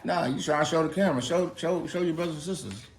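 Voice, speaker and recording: A man's voice: on the high side, fast, heavy background noise. A man casually retelling a Bible story to a child in a playful, slangy, chatty way. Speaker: parent reading the Bible to a child.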